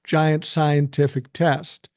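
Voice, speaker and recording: A man's voice: fairly high pitch, level tone, takes it slowly, darkish tone, dry recording, clean studio sound. Older man, blunt and profane. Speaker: podcast host doing a live stream. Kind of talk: casual live-stream rant. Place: his living room.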